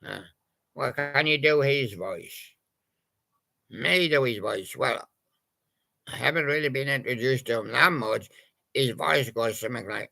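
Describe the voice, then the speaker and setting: Slow rambly guy telling a toy story, very gravelly, sharp tone. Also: mid-range voice. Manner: rambling and hesitant, full of pauses. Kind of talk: casual improvised storytelling with toys.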